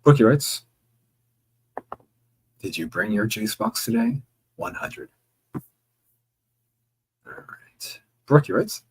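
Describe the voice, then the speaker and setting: Guy on a livestream going through chat, gravelly kinda husky voice, jokey and swears now and then. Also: mid-range voice, huge pitch swings, drawn-out words, long pauses, poor audio. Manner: casual, joking, with occasional swearing. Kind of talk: reading viewer chat aloud on a livestream.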